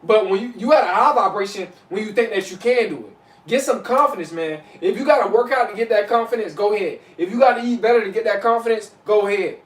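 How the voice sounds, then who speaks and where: A man's voice: high-pitched, fast talker. A man giving casual spiritual advice as a vlogger, loose and repetitive, saying "you know what I'm saying" often. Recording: echoey room, mic at a distance.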